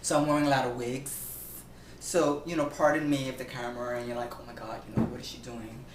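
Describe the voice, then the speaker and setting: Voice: mid-range voice, level tone, fast. A flamboyant, campy cooking show host from Puerto Rico who chats casually through a home demonstration and keeps calling the viewers darling and honey. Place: home kitchen. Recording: echoey room from far off with faint noise.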